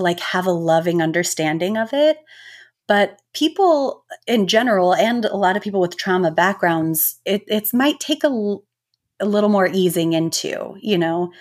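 A woman in her thirties, a mindfulness teacher, talking as a guest in a relaxed, reflective way with lots of filler words. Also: lowish voice. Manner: reflective, gentle, many filler "likes". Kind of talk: casual interview talk.

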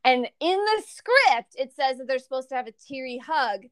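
A woman's voice: high voice, animated, normal speed, fairly bright tone, smooth, no room sound. A young woman co-hosting a podcast, chatting casually and animatedly, with lots of laughter and filler words. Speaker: podcast co-host. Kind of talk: casual chat.

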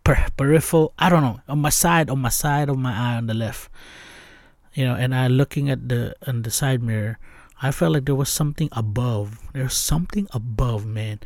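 A young man hosting a podcast, telling a scary story in casual chat, excitable and slangy, dropping to hushed tones at tense parts. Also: medium pitch, moderate pace, no echo, studio quality. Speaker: podcast host.

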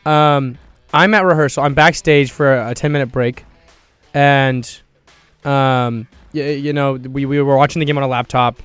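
A man's voice: mid-range voice, normal speed, smooth, no room sound, soft background music. A young man co-hosting a casual sports podcast, telling stories animatedly and acting out voices. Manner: animated storyteller, acts out voices. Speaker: podcast co-host. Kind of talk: casual chat.

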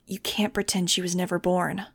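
A woman voicing a gentle, earnest teenage boy with wings, speaking softly and tenderly. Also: fairly low pitch, flat delivery, normal speed, gravelly, slightly rough. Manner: soft and tender.

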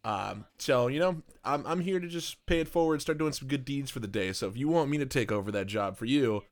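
A man's voice: medium pitch, lively intonation, fairly quick. A man playing a character in a comedy tabletop game, joking casually with hesitant fillers. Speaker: player. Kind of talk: improvised role-play.

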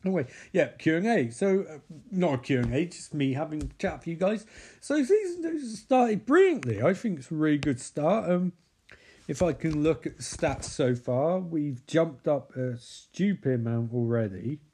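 A slightly high, somewhat mellow and slightly rough male voice narrates a movie with biting sarcasm, swearing as he goes. He's animated and moderately paced, mocking the characters by doing exaggerated voices for them.

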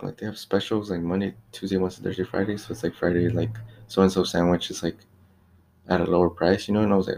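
A young man with a deep voice and a gravelly, creaky edge talks in a loose, rambling rant. He sounds exasperated, peppering his speech with "like", "you know" and swearing as he vents about work at a fast-food shop. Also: little pitch movement, darkish tone, a little hiss or hum. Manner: exasperated, venting about rude customers. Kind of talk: casual ranting monologue.

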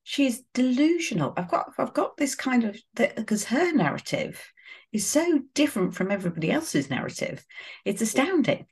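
A woman co-hosting a podcast, recapping a reality show in a relaxed, chatty way. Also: a little high, normal speed, breathy edge. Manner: relaxed recapping with fillers and laughs. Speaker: podcast co-host.

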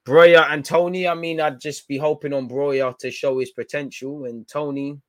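A man's voice: on the high side, level tone, moderate pace, a bit bright, no echo. Laid-back man on a livestream. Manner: laid-back slangy banter, trailing off into fillers. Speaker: football livestream host. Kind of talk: casual livestream chat reading viewer comments.

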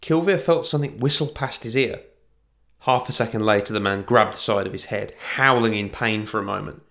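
A man narrating a fantasy story in an even storytelling manner. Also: lowish voice, fairly quick.

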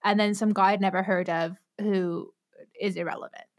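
American woman, podcast co-host, mid pitch, easygoing, dry humor. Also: fairly even intonation, normal speed. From United States. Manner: easygoing, laughs often, dry joking. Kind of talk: casual chat.

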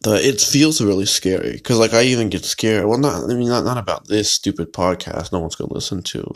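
Deep-voiced man rambling on a podcast. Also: brisk. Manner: rambling, hesitant, lots of fillers and restarts. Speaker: podcast host. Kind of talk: solo podcast monologue.

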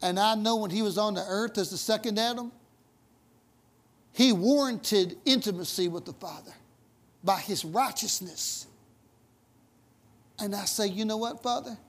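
A man's voice: sits high, measured pace, long pauses. Folksy preacher man telling stories. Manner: conversational, folksy, emphatic, laughing asides. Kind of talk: storytelling sermon.

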